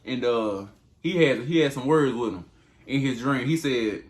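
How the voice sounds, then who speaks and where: A man's voice: medium pitch, moderate pace. A man retelling a Bible story in casual, slangy speech, talking straight to his audience. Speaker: channel host retelling Bible stories.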